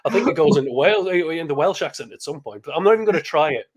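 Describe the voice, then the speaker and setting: A man's voice: fairly high pitch, expressive, racing, breathy edge. A man in a casual chat, chiming in with wry joking remarks.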